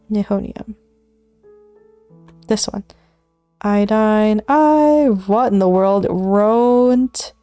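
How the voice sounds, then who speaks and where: Slow, mellow-voiced woman muttering to herself. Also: mid-range voice, no echo. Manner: muttering element names to herself, often dropping to a whisper; self-deprecating, laughs at her own slips. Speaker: streamer. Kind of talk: casual study stream chatter.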